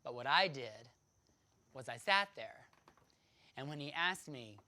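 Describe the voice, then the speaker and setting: A man telling a personal story to an audience, animated and dramatic, often laughing. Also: medium pitch, measured pace.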